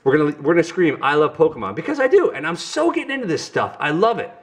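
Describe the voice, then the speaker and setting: A middle-aged man with a New York accent hosts a casual vlog, talking straight to his viewers in a goofy, chatty way. His pitch jumps around a lot, rising and falling as he jokes along. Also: sing-song, quick pace. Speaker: family vlog host. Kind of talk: casual card-opening vlog.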